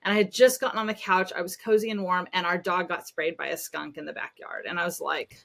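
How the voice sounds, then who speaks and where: A middle-aged woman guesting on a podcast, her voice bright and forward. She tells family stories in a lively, self-deprecating way and pokes fun at herself. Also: fairly low pitch, fast, gravelly. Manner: animated storytelling, self-deprecating. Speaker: podcast guest, parenting expert. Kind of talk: casual podcast conversation.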